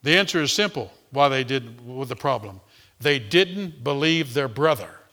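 A man's voice: medium pitch, lively intonation, normal speed, bright, forceful tone. A man preaching a sermon, reading and explaining a passage, often repeating words as he starts a thought. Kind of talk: expository sermon.

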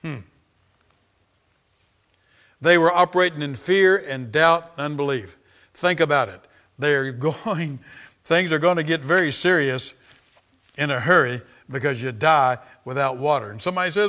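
A pastor preaching with a bright, forceful voice that sits a little high for a man. He hammers his points through repetition and calls out for amens. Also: lively intonation, moderate pace. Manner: emphatic preaching, repeating phrases, calling for amens. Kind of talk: sermon.

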